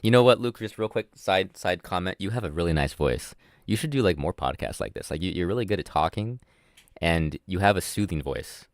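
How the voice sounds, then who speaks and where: A man with a very low voice hosts a loose commentary chat. He rambles, swears freely and mocks himself. The sound is dry and close, with no room in it. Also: expressive, fairly quick, dry recording. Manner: rambling, swears a lot, self-mocking. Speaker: host.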